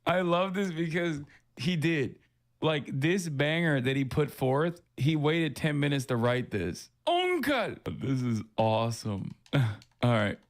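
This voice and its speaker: Male streamer, mid-pitched, reads chat aloud with mocking flair and quick laughing asides. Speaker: livestream host. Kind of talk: casual livestream chat, reading viewer comments aloud.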